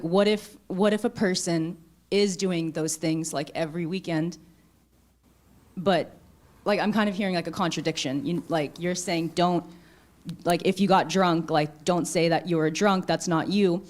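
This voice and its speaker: A woman's voice: sits low, fairly even intonation, moderate pace, a little mellow. A woman in a church congregation asking the pastor a question, speaking hesitantly and rambling with many fillers.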